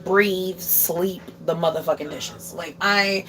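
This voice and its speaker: A woman's voice: medium pitch, normal speed, fairly bright tone. A young woman chatting casually while doing dishes at home, swearing freely and dropping in Spanish phrases. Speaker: streamer. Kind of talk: casual chat while cooking. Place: home kitchen.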